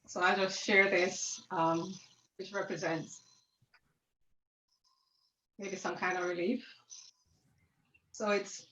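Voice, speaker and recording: A woman's voice: lowish voice, level tone, slow pace, pauses often, a bit bright. A woman on a church panel, reading her own poem and reflecting with earnest, building intensity. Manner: earnest, rising intensity in repeated refrain. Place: church town hall. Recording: distant, roomy, dull-sounding.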